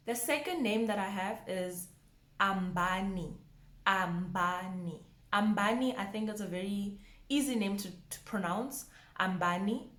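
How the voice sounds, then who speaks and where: A woman teaching a pronunciation lesson, slowly repeating each word with care. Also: medium pitch, fairly bright tone, echoey room. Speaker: language teacher.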